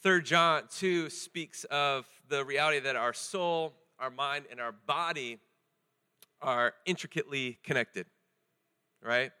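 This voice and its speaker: A young man preaching a sermon in a casual, joking and animated way, with many fillers. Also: mid-range voice, slow pace, smooth.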